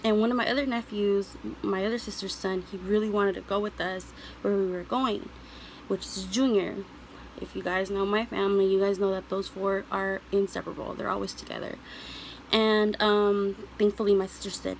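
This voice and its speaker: A woman's voice: medium pitch, little pitch movement, moderate pace, slight background noise, poor audio. A young woman vlogger answering viewer questions, telling a personal story in an earnest, emotional way with many ums and you-knows.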